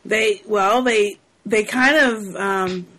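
A woman's voice: medium pitch, slow pace, fairly bright tone, poor audio. A woman co-hosting a podcast, casually recapping a movie, often laughing and asking questions. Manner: laughing, playful, asks questions. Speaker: podcast co-host.

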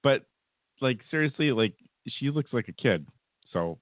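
A man's voice: mid-range voice, animated, a little slow, no echo. A man co-hosting a podcast, chatting in an easygoing, hesitant way with trailing sentences. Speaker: podcast co-host. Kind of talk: casual chat. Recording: tinny phone-like sound.

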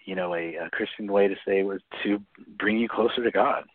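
A low, husky man talks through a thin, phone-like radio line with a dry, close sound. He explains things in a chatty way, often tagging his points with a quick "right?". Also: steady tone, dry recording. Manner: chatty, frequent "right?" tags and laughs. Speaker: guest author.

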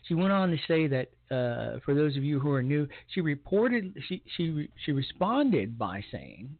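A man's voice: a little high, very animated, unhurried, no room sound. A man from Puerto Rico hosting an opinion talk show, rambling and sarcastic with many fillers. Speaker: show host. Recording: dry, phone-like sound.

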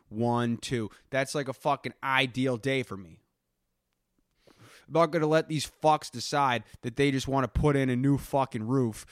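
A man's voice: medium pitch, a bit bright, no room sound, studio quality. A man hosting his own podcast as a brash, boastful character, swearing constantly while he rants and complains about his week. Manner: brash, boastful, profane ranting; self-important, complains at length. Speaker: podcast host. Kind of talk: comedic character monologue.

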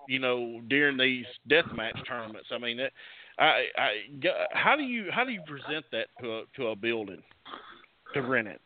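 A man from Mississippi, a radio host asking questions in a halting, stammering way. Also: mid-range voice. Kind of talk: interview questions. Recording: tinny phone line with faint hiss.

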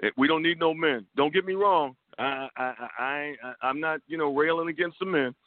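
Talk-radio co-host, man, slightly high voice; heated, stumbling, profane; phone-line sound. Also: brisk, no room sound. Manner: stammering repetitions, heated and profane. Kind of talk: casual political talk radio.

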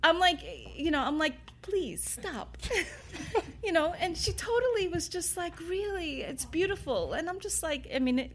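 A woman's voice: very high voice, expressive, normal speed, a little hiss or hum. New woman, bar owner, casual interview guest, rambling anecdotes. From New York City. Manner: rambling, full of "you know" and "like", laughs while telling stories. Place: inside an old bar.

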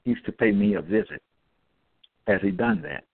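A man's voice: lowish voice, normal speed, gravelly, breathy edge, dry recording. A man delivering a scripture-quoting monologue, repetitive and emphatic, reading out verse references. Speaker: self-styled religious preacher. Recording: tinny phone-like dry audio.

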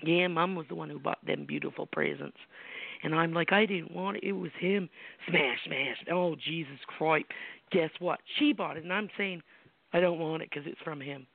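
A middle-aged American woman, a psychic medium hosting a call-in show, tells personal stories bluntly and emphatically, full of salty language and rhetorical questions. Her voice sits low, creaky and husky, at a moderate pace. The recording is dry with a tinny phone-line sound.

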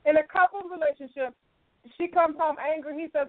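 Woman radio advice host, high voice, emphatic and lecturing, heard over a thin phone-like line. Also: brisk, dry recording. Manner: emphatic, lecturing with repeated "right".

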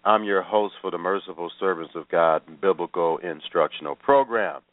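A deep-voiced man hosts a radio Bible teaching program, speaking earnestly at a normal speed and repeating himself with fillers. The recording is dry, with a tinny phone-line sound.

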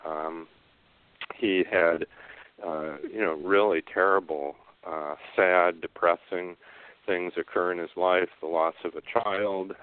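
Deep-voiced man on a phone line. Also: steady tone, smooth. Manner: halting, many fillers and restarts. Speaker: author guest. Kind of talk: casual interview talk.

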